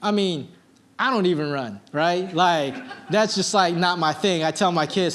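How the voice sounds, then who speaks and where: A male pastor preaching a sermon, telling a personal story in a casual, animated way with plenty of filler words. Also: sits high, normal speed. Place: church service.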